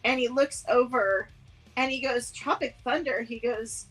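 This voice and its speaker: A woman with a slightly rough, higher-pitched voice co-hosts a podcast at a measured pace, soft music in the background. Chatting casually, she's an animated storyteller who acts out movie scenes and laughs a lot.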